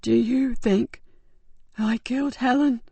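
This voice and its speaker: A woman voicing a dying, tortured man who speaks in a slow, halting, breathy near-whisper, short of breath. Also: fairly high pitch, fairly even intonation, dark tone, dry recording, voice pushed up, full character voice. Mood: weak pleading.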